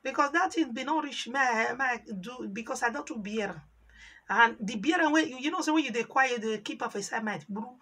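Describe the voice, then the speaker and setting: Bright-voiced Nigerian woman vlogger. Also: fairly high pitch, brisk. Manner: animated, voices the people in her story. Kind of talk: casual storytelling monologue in Pidgin.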